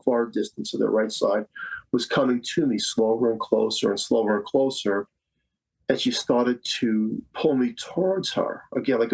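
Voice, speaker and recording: A man's voice: mid-range voice, a little mellow, rough recording. A man in his fifties from Staten Island, a psychic medium guest telling a personal story in conversation, earnest and repeating phrases for emphasis. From Staten Island, New York. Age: 50s.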